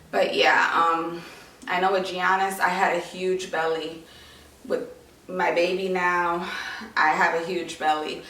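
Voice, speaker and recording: A woman's voice: on the low side, a bit bright. Chatty young woman in an echoey room. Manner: chatty, many "like" and "um" fillers. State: short of breath. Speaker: vlogger. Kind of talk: casual pregnancy update vlog. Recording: echoey room, voice a bit far from mic.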